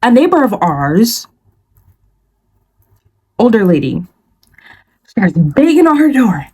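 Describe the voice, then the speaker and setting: A woman's voice: a little high, slow, breathy edge. A young woman vlogger telling a story in casual, slangy speech, talking straight to her viewers. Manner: animated and slangy, addresses viewers as "you guys" and "y'all".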